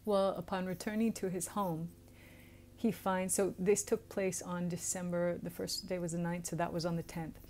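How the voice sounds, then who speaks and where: A woman with a Southern US accent casually retelling a sacred story, chatty and quick to laugh at her own jokes. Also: lowish voice, flat delivery, darkish tone, slight background noise. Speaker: spiritual storyteller.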